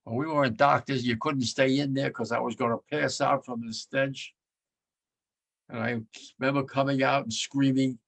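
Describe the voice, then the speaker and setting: A man in his nineties from the United States, a World War II veteran giving blunt, vivid personal testimony, his voice sinking low and quiet when moved. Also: steady tone, normal speed, creaky. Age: 90s.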